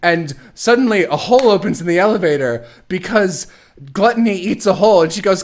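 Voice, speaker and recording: A man's voice: high-pitched, very animated, a little fast. A man hosting a stream, casually recapping a plot in a sarcastic, rambling way with some swearing. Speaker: stream host. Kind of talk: casual chat.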